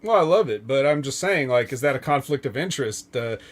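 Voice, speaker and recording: A man's voice: medium pitch, expressive, brisk. A man hosting a casual podcast, recapping wrestling in a loose, joking way, swearing and laughing often. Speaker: podcast host.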